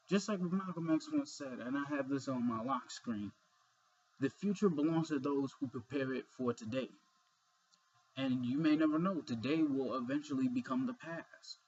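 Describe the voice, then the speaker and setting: A young man talks straight to camera in a loose, rambling way, leaning on "you know" and the odd curse word. His voice is somewhat husky and he sounds sleepy. It is a dull, lo-fi home recording. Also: mid-range voice, moderate pace, darkish tone. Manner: rambling, earnest, with frequent fillers and swearing. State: sleepy, yawning. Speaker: vlogger. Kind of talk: casual monologue.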